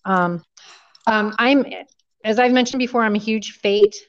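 A woman's voice: a little high, unhurried. A middle-aged woman co-hosting a podcast, gushing emotionally in casual chat and often trailing off. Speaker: podcast co-host. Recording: dull lo-fi sound.

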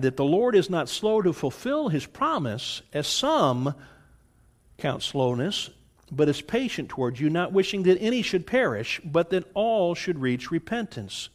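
A man teaching a Bible study lecture in an earnest way, often checking in with his listeners. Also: on the high side. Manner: earnest, checks in with "all right?".

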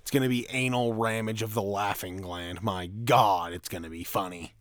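A man's voice: on the low side, fairly even intonation, moderate pace, fairly bright tone, dry recording. Man, podcast co-host, crude rambling banter, dead dry sound. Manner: profane, rambling, laughing at own jokes.

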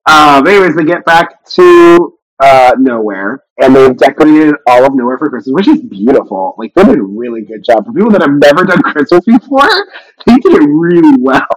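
A man's voice: a little high, very animated, normal speed, no echo, rough recording. A man co-hosting a podcast, chatting casually and rambling through a film recap, acting out quotes with self-deprecating asides. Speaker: podcast co-host.

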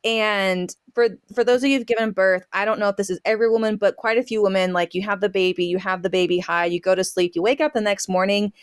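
Dry-sounding animated woman storyteller. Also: mid-range voice, fast talker, hardly any pauses, clear, resonant tone, dry recording. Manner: lively storyteller who acts out her own quotes; frequent fillers and laughs. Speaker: podcast guest, homesteader. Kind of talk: casual storytelling interview.

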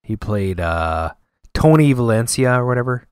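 Male podcast co-host, lively rambling delivery, dry close sound. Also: mid-range voice, normal speed, clear, resonant tone, dry recording. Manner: animated, rambling, laughs often. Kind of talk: casual chat.

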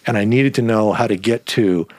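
A man telling a long story in a casual, animated way, swearing often and breaking off into asides. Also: on the low side, normal speed, no echo. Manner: animated, profane, digressive.

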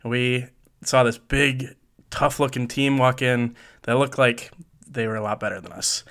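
Speaking a little slowly in a steady, mid-range voice that's clear, resonant and fairly bright, a Michigan podcast co-host tells jokey, casual stories and laughs often.

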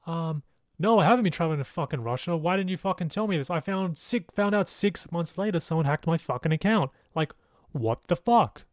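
Hosting his podcast, a young man delivers a loose, rambling monologue sprinkled with swearing, speaking expressively and briskly. His slightly high voice is captured close and dry, without room sound.

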